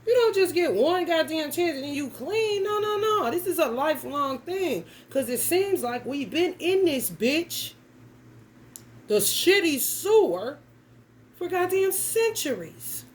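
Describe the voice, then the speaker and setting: A woman's voice: very high voice, big pitch swings, takes it slowly, poor audio. A young adult woman giving a casual tarot reading, talking bluntly and emphatically with plenty of cursing and slang. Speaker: tarot reader.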